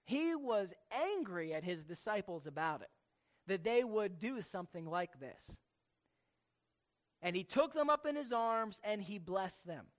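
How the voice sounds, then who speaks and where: A preacher working through a scripture passage at an unhurried, measured pace. Key words come back again and again, and questions are put to the listeners. The voice sits at a middling pitch. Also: sing-song. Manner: slow and deliberate, repeats key words, asks the listeners questions. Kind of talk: sermon teaching from scripture.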